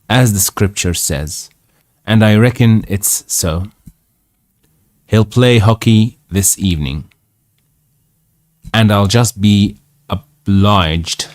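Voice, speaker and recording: A man reading aloud the lines of a fretful, pious old aunt at a slow, careful pace. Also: deep voice, darkish tone, no echo, clean studio sound.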